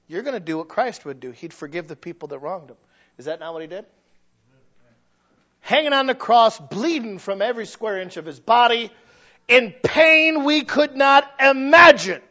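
A man preaching a sermon. His delivery swings from loud shouting to quiet, low asides, and he acts out the quoted voices of his listeners. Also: big pitch swings, normal speed, dull audio. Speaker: pastor.

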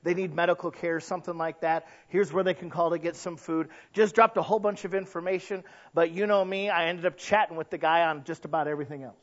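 A man preaching a sermon as pastor, dramatic, dropping soft then bursting into shouts. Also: fairly high pitch, fairly even intonation, fast talker, few pauses, lo-fi sound.

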